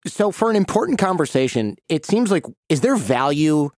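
A man's voice: fairly high pitch, big pitch swings, normal speed, darkish tone, no echo, studio quality. A man hosting a podcast, telling personal anecdotes in a loose, rambling way with "like" and "you know". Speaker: podcast host. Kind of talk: casual interview chat.

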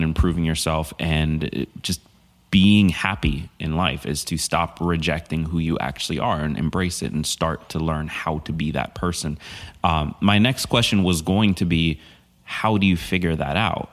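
A man hosting a podcast, asking loose, reflective questions in casual chat. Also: low voice. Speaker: podcast host. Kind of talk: casual interview.

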